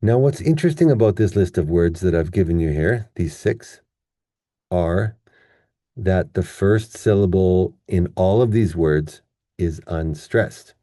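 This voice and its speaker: Deep, dark-voiced man teaching. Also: expressive, no echo, clean studio sound. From Canada. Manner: patient, playful, drawn-out demonstration words. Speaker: English pronunciation teacher. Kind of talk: whiteboard pronunciation lesson.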